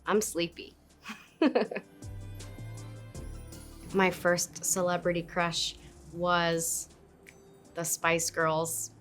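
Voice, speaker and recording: A woman in her thirties, an actress, talking casually and playfully in an interview, with giggles and quick asides. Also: on the low side, flat delivery, fairly bright tone. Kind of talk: casual interview talk to camera. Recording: faint music behind.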